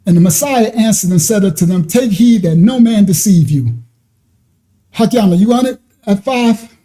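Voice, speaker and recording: A man's voice: high-pitched, lively intonation, normal speed, warm tone. A man preaching in a conversational Bible-study sermon, emphatic and often repeating himself or restarting mid-sentence.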